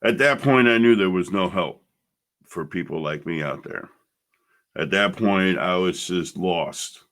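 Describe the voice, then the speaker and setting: Gravelly low-voiced man telling his story. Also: unhurried, fairly bright tone. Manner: blunt, emotional, swears freely. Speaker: podcast host. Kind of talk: personal storytelling monologue.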